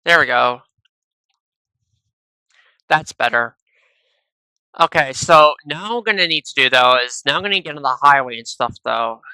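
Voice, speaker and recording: A man's voice: medium pitch, lively intonation, moderate pace, long pauses, pushed and bright, clean tone, no echo, rough recording. A man giving casual, rambling gameplay commentary into a headset, tacking "though" and "and stuff" onto nearly every phrase. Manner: chatty, rambling asides to viewers. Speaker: gaming video creator. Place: at home, recording at a PC. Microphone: gaming headset.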